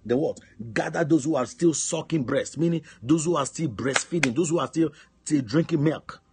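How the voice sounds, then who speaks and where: A man's voice: on the high side, normal speed, a little mellow, a little hiss or hum. A man pastor preaching a sermon, emphatic, asking his listeners call-and-response questions. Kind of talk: sermon on a prayer line. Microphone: phone line.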